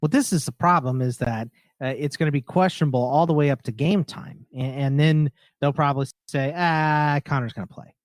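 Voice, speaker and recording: A man co-hosting a casual fantasy football podcast, speaking in a measured, agreeable way with some wry teasing. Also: on the high side, dry recording, studio quality. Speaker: podcast co-host.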